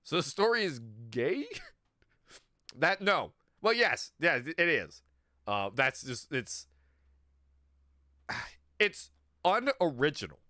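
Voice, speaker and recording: A man's voice: a little high, big pitch swings, slow, pauses often, bright, forceful tone, no echo, clean studio sound. A man streaming, ranting animatedly and profanely about a video game. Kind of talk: ranting livestream commentary.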